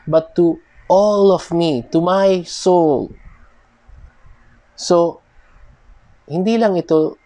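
A male preacher with a Filipino accent giving a sermon, slowing down to read scripture lines with weight and speeding up for quick asides. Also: a little high, warm tone, dry recording. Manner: switches between slow emphatic reading and quick asides.

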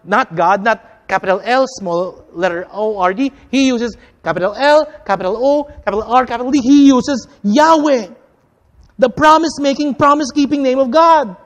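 A preacher in full sermon mode, talking straight to the congregation as friends. The delivery builds through repeated phrases and stressed words, then pulls back into quiet, slowed-down lines. Its earnest, rhythmic pulpit cadence carries from point to point. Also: mid-range voice, long reverb tail. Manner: addresses the listeners as friends.

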